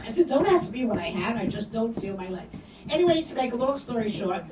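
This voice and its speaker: An older woman telling personal memories to an audience, animated, acting out the voices in her quoted dialogue. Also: on the high side. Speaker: speaker sharing memories. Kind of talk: personal storytelling talk. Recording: echoey room from far off, noisy.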